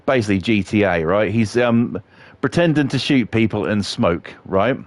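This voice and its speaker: A middle-aged man tells rambling, profane stories as he plays a game on a livestream, chatting casually and laughing at his own jokes. He speaks at a moderate pace in a fairly low voice, in a dry recording.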